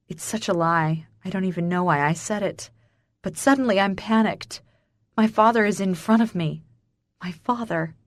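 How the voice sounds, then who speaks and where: A woman's voice: on the low side, measured pace, dry recording. Emotional woman narrating a romance audiobook. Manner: emotional, breathless, intimate.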